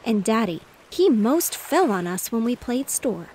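A woman's voice: fairly high pitch, very animated, measured pace, darkish tone, a little hiss or hum. A woman voicing an eager little girl. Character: small excitable girl.

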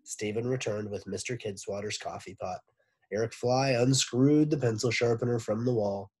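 A man, a teacher, reading a children's book aloud with expressive narration. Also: mid-range voice, normal speed, husky. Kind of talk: storybook read-aloud.

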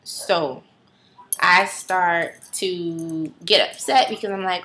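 A woman's voice: on the low side, fairly even intonation, slow, a bit bright. A woman in her early twenties talking casually to her viewers in a chatty, rambling way, full of fillers and asides. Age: early 20s. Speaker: vlogger. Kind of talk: casual chat to camera.

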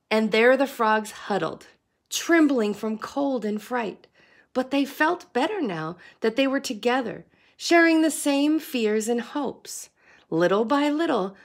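A woman reading a picture book aloud to children in an expressive, sing-song way, like a teacher. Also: fairly high pitch, vocal fry. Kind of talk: storybook read-aloud.

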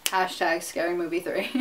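A woman's voice: fairly low pitch, flat delivery, unhurried. A young woman vlogger ranting to camera, exasperated, sarcastic and profane. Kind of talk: casual rant to camera. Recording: distant mic with faint noise.

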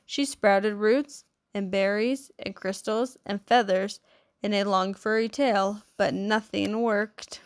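A woman narrating a children's storybook aloud with expressive, measured delivery. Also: mid-range voice. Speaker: storybook reader.

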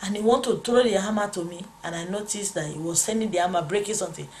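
A woman's voice: mid-range voice, fast talker, slight background noise. A woman, a pastor's wife, telling a dramatic spiritual testimony in an emphatic, repetitive, exclamatory way.

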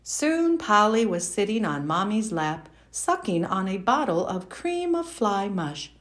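A woman reading a children's picture book aloud, slow and expressive, with playful sound effects. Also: mid-range voice. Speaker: storyteller. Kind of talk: children's read-aloud narration.

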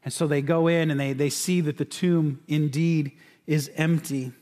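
Conversational pastor in a reverberant sanctuary. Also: male voice, fairly high pitch, steady tone, normal speed, darkish tone. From California. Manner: conversational, with frequent restarts and repeated words. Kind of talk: sermon. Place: church sanctuary. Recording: church sanctuary with long reverb.

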